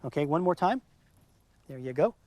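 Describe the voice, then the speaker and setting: A middle-aged dog trainer with a slightly high voice teaches patiently, explaining as he goes and repeating words to stress his points. It's a calm instructional demonstration recorded outdoors, at a moderate pace with a dry sound.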